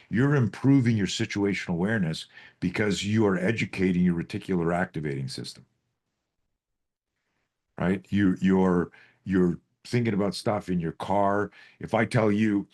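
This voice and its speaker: A man's voice: low voice, moderate pace. A man coaching self-defense on a live group video call, telling stories with lots of swearing and rhetorical questions. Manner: profane, animated storytelling with rhetorical questions.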